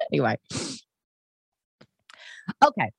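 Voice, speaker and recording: A woman's voice: very slow, no echo. A woman in her thirties from New York, chatting at home to camera in a rambling, self-deprecating way. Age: 30s. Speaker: podcast host. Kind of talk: casual monologue to camera. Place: her living room. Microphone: camera setup at home.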